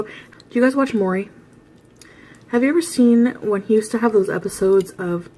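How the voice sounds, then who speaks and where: A woman vlogger telling personal stories in a candid, confessional way, mostly low-key and quiet. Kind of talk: casual storytelling to camera.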